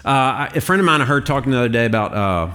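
A man's voice: mid-range voice, expressive, fast talker, pushed and bright. A man preaching a sermon in a conversational way, with fillers and the odd laugh. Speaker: pastor.

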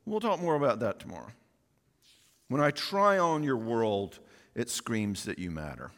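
Middle-aged man, folksy conference speaker, lively pitch, reverberant hall. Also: measured pace. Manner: animated and folksy, acts out quoted voices. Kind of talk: conference talk. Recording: long reverb of a large hall.

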